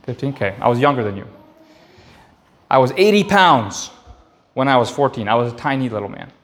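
A man's voice: medium pitch, expressive, brisk. A man in his thirties preaching to young men in church, telling a personal story and emphatically repeating key phrases.

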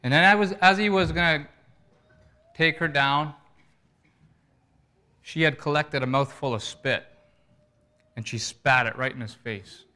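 Bright-voiced, earnest male preacher. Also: on the high side, a little slow, long pauses. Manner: earnest storytelling preacher, pleading appeals. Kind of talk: sermon.

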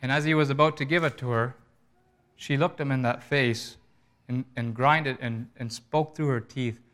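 Bright-voiced, earnest male preacher. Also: mid-range voice, fairly even intonation, moderate pace. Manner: earnest storytelling preacher, pleading appeals. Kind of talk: sermon.

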